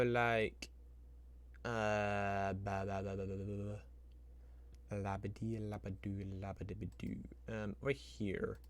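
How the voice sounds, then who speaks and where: A man streaming as he builds a spreadsheet, thinking aloud in a casual, rambling way, talking to his computer and making up little sound effects. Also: mid-range voice. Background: keyboard typing and clicking.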